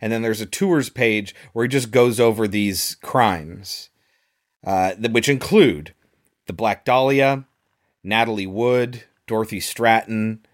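Male podcast co-host, lowish voice, analytical and easygoing film critic. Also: takes it slowly. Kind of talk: casual critical chat.

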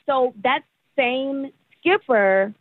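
A woman's voice: high voice, extremely slow, no room sound. A woman on the phone to a radio show, telling a story in a chatty way full of "like". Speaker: caller on the phone. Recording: tinny phone line.

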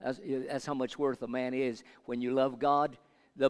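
An older man preaching a sermon, moving from quiet Bible teaching to loud call-and-response with the congregation. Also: medium pitch, flat delivery, normal speed, smooth. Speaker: pastor. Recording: long hall reverb.

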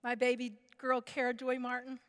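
A middle-aged woman delivers a sermon with a very high voice, telling the story with animated, dramatic flair. Her words ring out with a long reverb through a large church hall. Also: moderate pace. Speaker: preacher.

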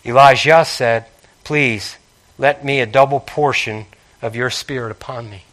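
A man's voice: mid-range voice, unhurried, fairly bright tone. A man preaching a sermon, calling out to his congregation and reading scripture with emphasis.

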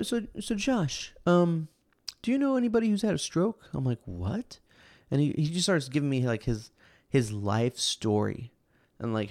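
A man hosting a podcast in a casual chat, rambling and laid-back, full of fillers and restarts, animated when telling stories. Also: fairly low pitch, dry recording, studio quality.

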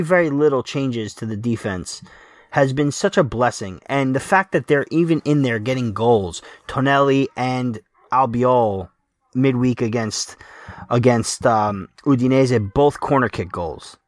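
A man chatting about football on a podcast, passionate and halting, with many restarts. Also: medium pitch, no room sound, studio quality. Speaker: podcast co-host, Napoli fan. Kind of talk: casual football podcast chat.

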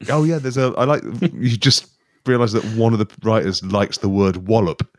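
A man co-hosting a podcast who tells stories quickly in casual comedic chat and laughs often. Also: on the low side, dry recording, studio quality. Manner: rapid, giggly storytelling with frequent laughter. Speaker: podcast co-host.

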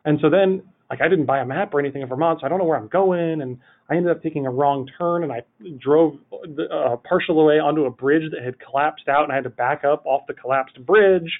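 Male podcast guest, quick, slightly high voice, rambling anecdote delivery, tinny phone-line sound. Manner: animated rambling storytelling, full of "like". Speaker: podcast guest, city project manager. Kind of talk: telling a funny anecdote in a podcast interview.

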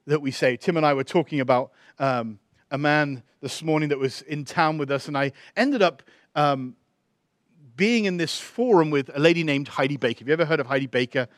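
A man's voice: a little high, no echo, clean studio sound. A man preaching a sermon, telling a story and acting out the voices in it before building to emphatic peaks.

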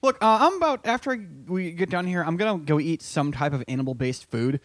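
A man's voice: on the high side, animated, brisk, fairly bright tone, dry recording. A young man, co-hosting a casual comedic chat, profane and laughing often. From Connecticut, USA. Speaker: podcast co-host.

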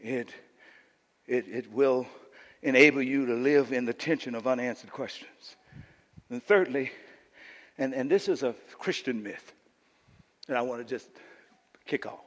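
A male pastor preaching a sermon, building to impassioned shouts and urging the congregation with "come on now.". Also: mid-range voice, measured pace, long pauses. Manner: call-and-response "come on now". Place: church sanctuary. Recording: church hall reverb.

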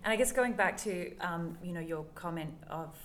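A woman with a somewhat low voice hosts an interview. She is casual and affirming, with faint noise in the background. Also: moderate pace, fairly bright tone. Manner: friendly, affirming, frequent "yeah".

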